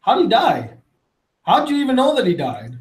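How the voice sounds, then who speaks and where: His voice is very high and swoops wildly in pitch as he talks at normal speed, a livestream host rambling through chat questions from viewers. He curses freely and often breaks off mid-thought; the room is echoey.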